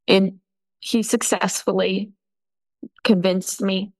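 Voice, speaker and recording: A young woman crying as she tells a painful personal story, halting and restarting often. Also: lowish voice, flat delivery, rough recording. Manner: tearful, halting, many ums and restarts. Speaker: interview guest telling her story. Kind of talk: emotional personal account.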